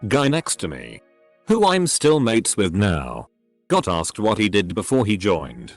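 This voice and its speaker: Low computer-voice guy reading stories, bouncy intonation, odd pauses. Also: wildly swooping pitch, no room sound. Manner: synthetic text-to-speech read with odd phrasing and pauses. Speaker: narrator. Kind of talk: scripted narration of online posts. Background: faint background music.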